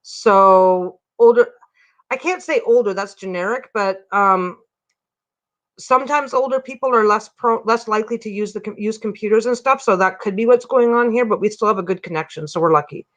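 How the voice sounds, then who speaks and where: A woman's voice: mid-range voice, normal speed. A woman hosting a casual livestream chat from her home, rambling and often breaking off mid-sentence. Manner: rambling, self-interrupting, chatty. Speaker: livestream host.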